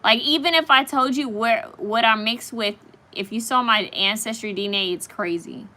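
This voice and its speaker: A woman's voice: fairly high pitch, normal speed, sharp tone. A woman hosting a casual live stream, chatting straight to her viewers and reacting to their comments as they come in.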